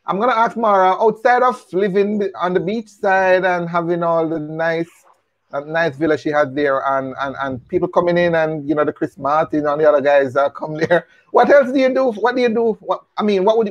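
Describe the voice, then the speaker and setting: A man's voice: fairly high pitch, fairly quick. A man hosting a live stream interview, affably reading out viewer comments over lo-fi audio. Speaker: host.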